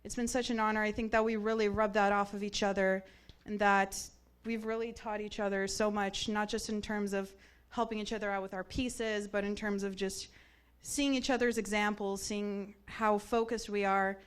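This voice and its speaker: Young woman, graduating student, smooth clear voice, grateful and heartfelt tone. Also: mid-range voice, little pitch movement, normal speed. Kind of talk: graduation speech.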